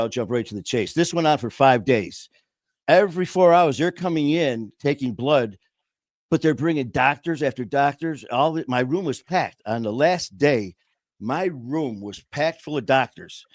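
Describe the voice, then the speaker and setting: A man's voice: mid-range voice, animated, moderate pace, dry recording. Male podcast host, casual storytelling, earnest and emotional, dry close sound. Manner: earnest, emotional, peppers speech with "man" and "brother".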